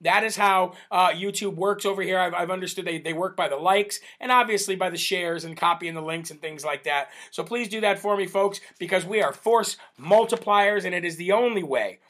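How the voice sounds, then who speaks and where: A man hosting a live stream, reading out viewer shout-outs in a chatty, casual way, laughing often and using many fillers. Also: high-pitched, brisk, hardly any pauses. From United States. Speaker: livestream host.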